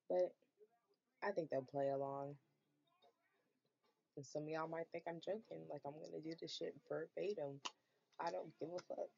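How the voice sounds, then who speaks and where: A woman of twenty, hosting her own podcast, telling stories in a casual, animated way, swearing freely and saying "like" a lot. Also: deep voice, moderate pace, gravelly, dull audio. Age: 20s. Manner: animated, swearing, storytelling with filler "like". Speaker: podcast host. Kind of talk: casual solo podcast monologue.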